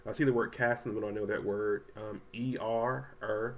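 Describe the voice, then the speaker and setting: A man teaching a third grade reading lesson to children at home, talking casually with many ums and slowly sounding out words. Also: lowish voice, steady tone. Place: home, voice only over the packet pages. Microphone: close mic, not seen.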